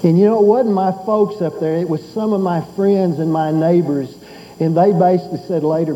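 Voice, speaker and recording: A man's voice: sits high, measured pace, pauses often, warm tone, a little hiss or hum, rough recording. An older man preaching a sermon as pastor. He tells folksy stories and builds to fervent exhortation.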